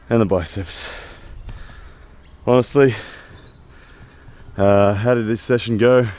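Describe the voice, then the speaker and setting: Deep-voiced man, candid vlog talk. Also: steady tone, darkish tone, clean tone. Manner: candid and reflective, with many pauses and fillers. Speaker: strength training vlogger. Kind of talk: casual post-workout vlog talk. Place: training area after a workout.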